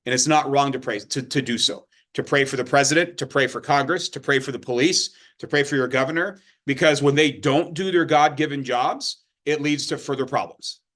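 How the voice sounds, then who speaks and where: A man's voice: mid-range voice, a little fast, hardly any pauses, a bit bright. A man teaching a Bible study in a loose, conversational way, checking in often with his listeners. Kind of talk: informal sermon teaching.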